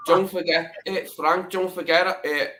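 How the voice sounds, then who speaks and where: A man's voice: sits high, fairly even intonation, unhurried, a bit bright, slight background noise. A man co-hosting a live stream, chatting casually in a blunt, plain-spoken way. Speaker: co-host. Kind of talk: casual chat.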